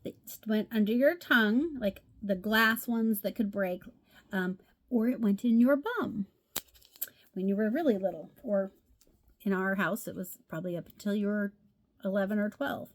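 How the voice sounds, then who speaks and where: A woman's voice: mid-range voice, normal speed. A middle-aged woman chatting casually as she shows off craft cards, gushing and repeating how much she loves each one. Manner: gushing, chatty, says "love" a lot. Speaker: craft video host. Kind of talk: casual show-and-tell chat.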